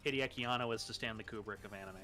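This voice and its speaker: A man's voice: lowish voice, rapid-fire, sharp tone, faint music behind. A young man co-hosting a casual gaming stream chat, talking eagerly and swearing freely. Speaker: co-host.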